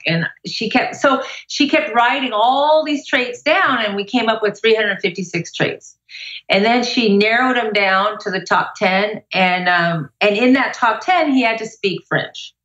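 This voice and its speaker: Bright, animated woman telling stories. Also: medium pitch, moderate pace, roomy sound, muffled recording. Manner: animated, upbeat storyteller. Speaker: motivational speaker. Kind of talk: casual interview storytelling.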